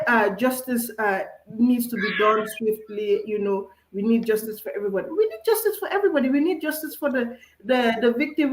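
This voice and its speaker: Woman arguing hard on a talk show, high voice, echoey room. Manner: emphatic, argumentative, mixes in Wolof phrases. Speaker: discussion panelist. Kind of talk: passionate discussion.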